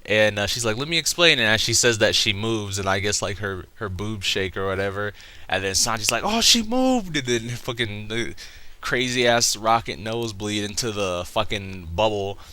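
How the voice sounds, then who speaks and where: A man's voice: fairly low pitch, steady tone, moderate pace, sharp tone, clean tone. A young man casually retelling a comic chapter for a review video, rambling and swearing as he talks. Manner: rambling, profane, laughing retelling. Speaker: manga reviewer.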